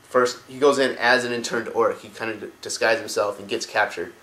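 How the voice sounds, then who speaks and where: Excitable slangy man in an echoey room. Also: lowish voice. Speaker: lore video host. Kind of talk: casual lore retelling.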